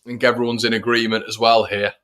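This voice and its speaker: A man's voice: medium pitch, level tone, fast talker, fairly bright tone. A man hosting a football fan watch-along, giving chatty live commentary and talking to his viewers. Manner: chatty, addresses viewers as everybody. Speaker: fan channel host.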